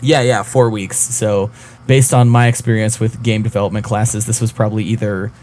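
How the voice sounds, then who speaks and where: A man's voice: on the low side, fairly even intonation, moderate pace, a little mellow. A man co-hosting a casual podcast about games, talking in a rambling, hesitant way with lots of fillers. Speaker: podcast co-host.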